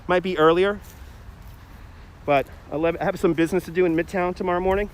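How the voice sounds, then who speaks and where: A chatty man live streaming a stroll outdoors, talking into a phone on a gimbal. His voice sits a little high for a man and he rambles easily, reading out and answering viewers' comments. A faint city hum runs behind him. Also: steady tone, fast. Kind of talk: casual walking livestream chat. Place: outdoors in a city park and garden. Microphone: phone on a handheld gimbal.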